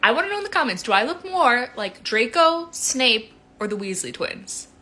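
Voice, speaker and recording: A woman's voice: fairly high pitch, big pitch swings, pushed and bright. A young woman giving playful, casual reaction commentary as a video creator. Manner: chatty and playful, quick asides.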